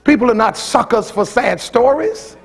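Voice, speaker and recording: A preacher with an unusually high, piercing voice and a rough, gravelly edge. He is a middle-aged man who preaches a folksy, fiery sermon, shouting out his points and then dropping into low, teasing asides. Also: animated, normal speed. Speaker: pastor. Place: church sanctuary.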